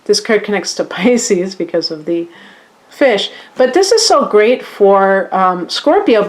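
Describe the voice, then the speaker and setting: Slow-talking woman reading tarot. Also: mid-range voice. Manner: slow, relaxed, chatty with many fillers. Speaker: astrology and tarot reader.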